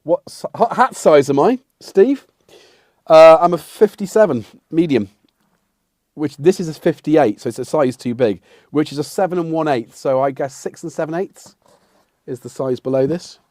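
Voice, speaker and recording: A man's voice: on the high side, normal speed, a little mellow, dry recording, studio quality. A middle-aged English man hosting a casual livestream, rambling and self-mocking as he answers the chat. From England. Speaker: livestream host.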